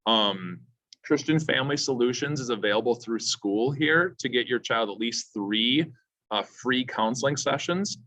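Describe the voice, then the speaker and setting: A man's voice: medium pitch, moderate pace, sharp tone, no room sound. A man who teaches teens, speaking to parents at a school seminar in an earnest, pleading, advice-giving way. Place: school room. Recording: dull lo-fi sound, dry.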